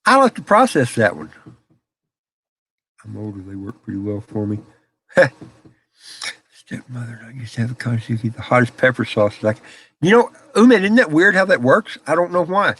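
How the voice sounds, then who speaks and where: A man's voice: medium pitch, very animated, moderate pace, long pauses, fairly bright tone, breathy edge. A middle-aged man hosting a casual live stream from a small office, chatting with viewers and telling stories, often laughing. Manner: folksy storyteller, laughs often.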